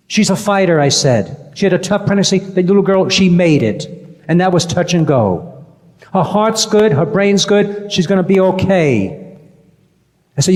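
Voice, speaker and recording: A man's voice: a little high, animated, moderate pace, a little mellow. A man, a priest, giving a conversational sermon, repeating key phrases for emphasis. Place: church. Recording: church with long reverb.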